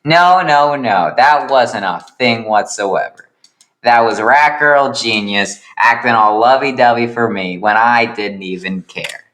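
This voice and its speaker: A man's voice: mid-range voice, unhurried, a bit bright, roomy sound, natural voice. A man voicing a bitter, self-pitying young man with no friends, talking in a sulky, sarcastic way in an improvised comedic character voice. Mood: defensive.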